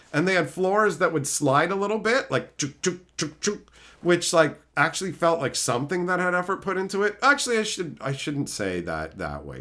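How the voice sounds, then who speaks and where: A man telling a story on his stream in a loose, foul-mouthed rant. His voice sits a bit high and bright. It leaps up and down as he scoffs at everything. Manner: profane, exasperated, mocking.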